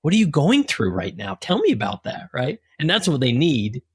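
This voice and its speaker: A man's voice: fairly high pitch, huge pitch swings, normal speed, husky. A man hosting a podcast interview, chatting casually and animatedly, acting out quoted voices as he talks. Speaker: podcast host.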